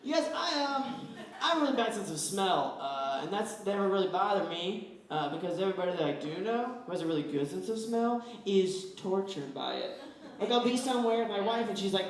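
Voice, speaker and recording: A man from West Virginia performs stand-up, rambling through stories and acting out voices in an animated way. His high voice comes quickly and from far off in an echoey room.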